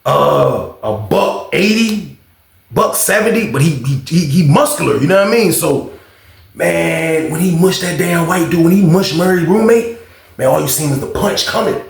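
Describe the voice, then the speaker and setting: A man telling a story, lively, acting out quotes with sudden shouts. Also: a little high, moderate pace, vocal fry, a little hiss or hum. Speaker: storytime host. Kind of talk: animated storytelling. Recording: echoey room.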